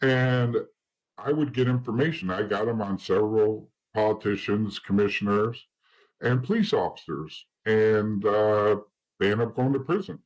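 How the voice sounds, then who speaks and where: Male interview guest, husky voice, blunt and profane storyteller. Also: fairly low pitch, normal speed, rough recording. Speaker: interview guest, former informant.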